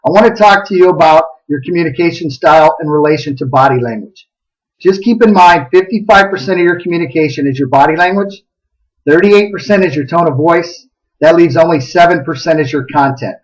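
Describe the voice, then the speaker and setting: High-voiced man giving a motivational talk. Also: fairly quick, recorded from a distance, rough recording. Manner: animated storyteller, acts out voices. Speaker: host of a motivational minute.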